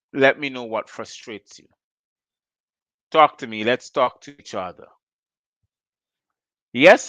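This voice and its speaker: A man's voice: medium pitch, fairly bright tone, dry recording. Fiery Guyanese man hosting a call-in. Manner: fiery, rhetorical questioning. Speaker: call-in show host. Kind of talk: political call-in monologue.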